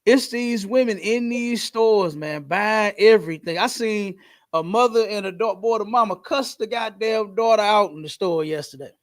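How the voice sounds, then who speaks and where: A man hosting a podcast in casual, slangy talk, telling stories in an animated way. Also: sits high. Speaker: podcast host.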